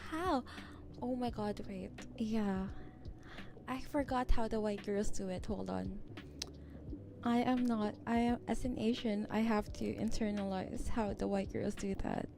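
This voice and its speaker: A woman streamer talking softly with her viewers in a giggly ASMR chat. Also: medium pitch, unhurried, background noise. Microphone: close ASMR microphone. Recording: clear background music underneath. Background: background music.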